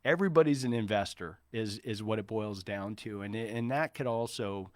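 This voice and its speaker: Casting: forties man, clear smooth voice, dry close mic, earnest advisor who restarts a lot. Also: lowish voice, normal speed, no echo. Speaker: interview guest, entrepreneur. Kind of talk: casual interview talk.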